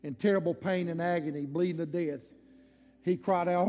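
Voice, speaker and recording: High-voiced preacher telling a dramatic story. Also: male voice, steady tone, moderate pace, long reverb tail. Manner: dramatic, swinging loud and soft. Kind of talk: sermon storytelling.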